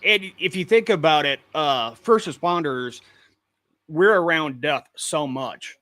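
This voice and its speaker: A man's voice: on the high side, unhurried, sharp tone, no room sound. A man from Washington State, a paranormal investigator, telling his experiences matter-of-factly as an interview guest over a video call. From Washington State, USA. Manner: matter-of-fact, plain-spoken storyteller. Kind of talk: casual interview talk.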